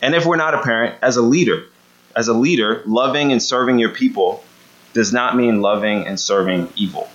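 A man's voice: mid-range voice, moderate pace, fairly bright tone. A man giving a conversational sermon, often checking in with the room by asking "right?". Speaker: preacher. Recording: dull lo-fi sound.

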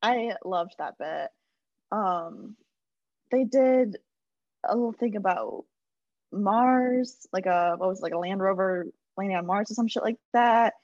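A woman's voice: mid-range voice, a little slow, a little mellow, dry recording. Hesitant woman, dry lo-fi recording. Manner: hesitant, with many fillers. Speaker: podcast co-host. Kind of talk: casual chat. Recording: dry, dull lo-fi sound.

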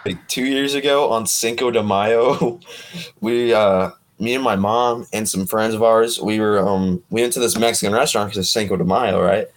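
A man in a casual chat among friends, retelling a story in a relaxed, laid-back way. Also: on the low side, moderate pace. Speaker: podcast co-host.

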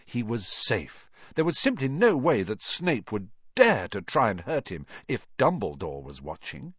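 Man narrating a storybook, lively voice. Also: medium pitch, a little slow, slightly rough, dry recording, muffled recording. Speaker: audiobook reader.

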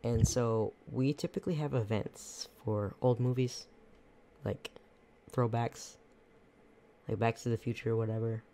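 A laid-back podcast host recounting a work story in a loose, rambling way, laughing often. The voice is dark and mellow, at a middle pitch. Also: fairly even intonation, a little slow, long pauses. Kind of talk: casual storytelling.

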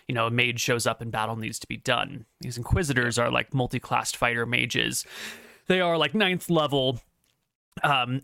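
A man running a tabletop game as game master, describing the world casually and padding his talk with fillers. His voice is bright and forceful, recorded dry and close. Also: mid-range voice, vocal fry, no room sound.

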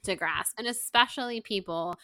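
Bright, chatty woman podcaster. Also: medium pitch, normal speed, dry recording, clean studio sound. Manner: chatty, retells scenes with quoted lines and laughs. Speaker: podcast co-host. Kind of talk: casual book-club chat.

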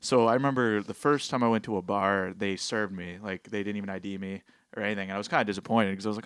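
Laid-back young man with lowish voice. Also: steady tone, fast, a bit bright, clean tone, dry recording, clean studio sound. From Canada. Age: 20s. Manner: laid-back, agreeable, many short yeahs. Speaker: podcast co-host. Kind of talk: casual chat.

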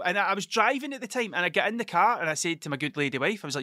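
A man's voice: high-pitched, big pitch swings, racing, few pauses, sharp tone, no echo, studio quality. A middle-aged man with a Scottish accent, telling a rambling, sweary story in a casual monologue. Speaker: vlogger, musician.

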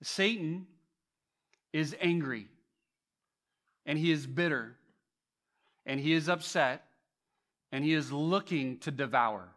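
A male pastor preaching a sermon, telling a story with animated swings between loud emphasis and hushed tones, often restarting his words. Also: fairly high pitch, slow, long pauses. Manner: frequent restarts and repeated words.

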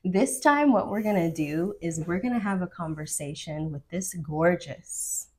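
Woman podcast host, upbeat and hyping her guest, fairly low voice. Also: a little mellow, breathy edge. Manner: upbeat, affirming, quick interjections. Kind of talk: casual chat.

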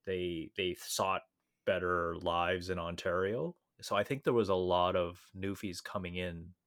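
A man with a somewhat low voice co-hosts a relaxed podcast conversation. He rambles in a friendly way, laughing often and circling back on his own sentences. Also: unhurried. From Canada. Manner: chatty, laughs often, many fillers and restarts. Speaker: podcast co-host. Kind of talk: casual chat.

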